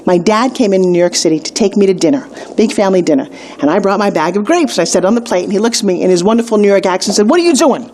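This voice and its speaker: A middle-aged woman giving a motivational video lesson on a weight-loss course, upbeat and emphatic, telling stories with quick asides. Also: mid-range voice, a little mellow, slight background noise.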